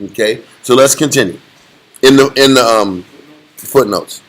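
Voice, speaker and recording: A man casually teaching a Bible study, talking in an animated, slangy way with a lot of laughter. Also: medium pitch, a little slow, low-quality recording.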